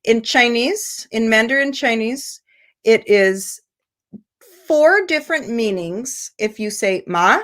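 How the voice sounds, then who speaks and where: A woman from the United States teaching English pronunciation in an online seminar, explaining slowly and stretching out example words over a video call. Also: on the high side, expressive, fairly bright tone. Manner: slow, deliberate explaining with drawn-out example words.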